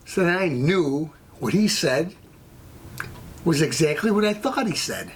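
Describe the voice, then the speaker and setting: A man's voice: sits high, animated, normal speed, pauses often, slight background noise. An American man hosting his own show, telling a long blunt story and going off on tangents. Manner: rambling, blunt, goes off on tangents. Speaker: show host. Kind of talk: opinionated monologue.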